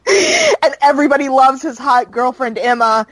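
Female podcast co-host, rambling recap, a bit high-pitched, dry sound. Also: huge pitch swings, moderate pace, a bit bright, dry recording, low-quality recording. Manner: chatty, rambling recap with fillers. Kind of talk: casual chat.

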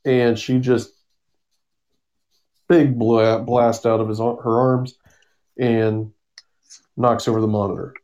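A man's voice: medium pitch, level tone, slow pace, long pauses, darkish tone, highs cut off. A man casually summarizing a comic book story on a podcast, rambling with fillers and acting out the characters' lines. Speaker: podcast co-host.

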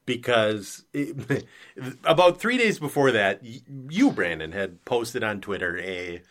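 Bright-toned giggly man. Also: medium pitch, very animated, slow pace. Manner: giggly, amused, easily laughing. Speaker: podcast co-host. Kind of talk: casual chat.

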